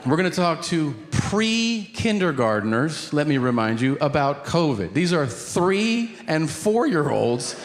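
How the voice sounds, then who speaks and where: A man's voice: fairly high pitch, very animated, measured pace, hardly any pauses. A man doing a stand-up comedy routine on stage, sarcastic and exasperated as he tells a story about family life. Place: comedy stage before a live audience. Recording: echoey live stage recording with noise.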